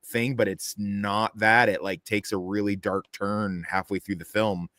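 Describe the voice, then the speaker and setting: A man chatting casually about a film he saw, rambling and animated with lots of fillers and restarts. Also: on the low side, a little slow, no room sound, clean studio sound. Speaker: panelist. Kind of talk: casual film review chat.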